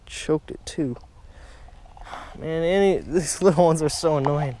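A young man vlogging while he fishes at a pond, talking casually to his viewers, easily excited and repeating himself a lot. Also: on the high side, measured pace. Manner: excitable, repeats himself, keeps saying "guys" and "oh my gosh". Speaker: fishing vlogger. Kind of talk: casual outdoor vlog commentary. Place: outdoors at a pond.

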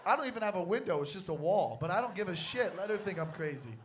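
A young man performing a stand-up comedy set on stage, telling a story with animated, loud panicky outbursts. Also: high-pitched, fast, few pauses, recorded from a distance, a little hiss or hum.

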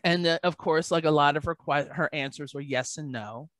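A woman math tutor in a podcast conversation, telling lively stories and acting out the parents and kids she works with. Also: low-pitched, normal speed, dry recording. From Baltimore, Maryland. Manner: animated storyteller, acts out parents and kids.

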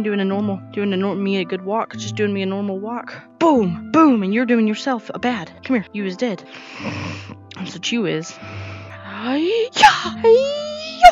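A male gaming YouTuber giving casual, jokey commentary while playing, talking to himself with sudden loud outbursts. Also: high-pitched. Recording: dull lo-fi recording.

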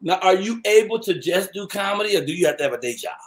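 A male morning show host who talks loud and hyped and calls on the audience. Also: sits high, animated, quick pace. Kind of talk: hype talk show hosting. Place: studio in Los Angeles.

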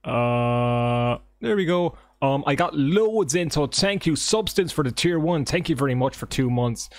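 A man streaming a game live, chatting casually with his viewers in an excitable, joking way and swearing often. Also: fairly high pitch, normal speed, no room sound. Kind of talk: casual livestream chat with viewers. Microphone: desk microphone.

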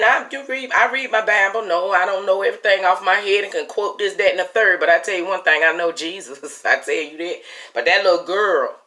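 Bright-voiced woman vlogger, emphatic. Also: low-pitched. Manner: emphatic, repeats herself, calls viewers "honey" and "y'all"; laughs often while talking. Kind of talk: casual religious talk to viewers.

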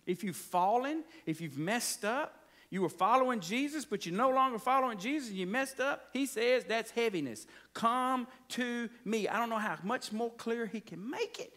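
A man's voice: very high-pitched, lively intonation, moderate pace, hardly any pauses, a bit bright. A man preaching a sermon in a church, conversational and playful, stretching out key phrases for emphasis. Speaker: pastor. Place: church sanctuary.

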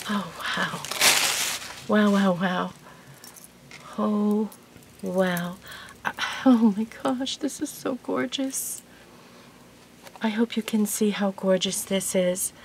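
A woman's voice: medium pitch, slow, pauses often, a little hiss or hum. A woman in her sixties telling a rambling home story in a casual vlog, chatty and laughing often, then showing off a gift. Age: 60s. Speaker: vlogger.

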